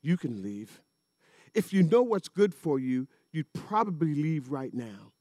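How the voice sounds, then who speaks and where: A man voicing a worried frontier lawman, in a low, subdued mutter. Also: very animated, a little slow, mellow, no room sound, clean studio sound.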